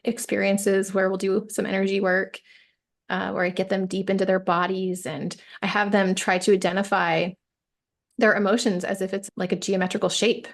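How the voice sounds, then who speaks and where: A woman's voice: mid-range voice, level tone, moderate pace. A woman coach talking as a podcast guest, reflective and emphatic, often checking in with "right?". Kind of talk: casual interview chat.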